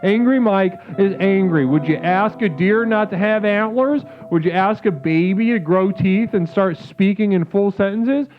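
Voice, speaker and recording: A man's voice: high-pitched, moderate pace, few pauses. A man hosting a call-in show in a grandiose, mock-spiritual manner, swearing freely. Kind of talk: mock-guru call-in talk. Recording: phone-like lo-fi sound with music. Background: music.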